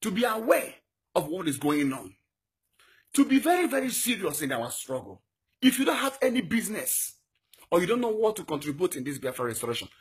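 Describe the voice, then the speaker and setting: A young Nigerian-accented man delivers a fiery political appeal in a heavily husky, raspy voice. His pitch swings wildly, shooting high on every rhetorical question and exhortation. He sits a touch high for a man and sounds urgent throughout. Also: very animated, fairly quick. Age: young adult. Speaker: political activist.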